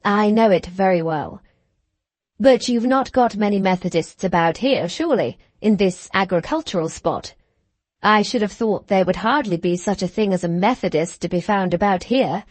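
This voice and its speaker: Woman reading as a polite curious gent on a horse, brisk questions, mid pitch, dry sound. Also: a little mellow, no echo, close to an everyday voice. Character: gentlemanly male traveller on horseback.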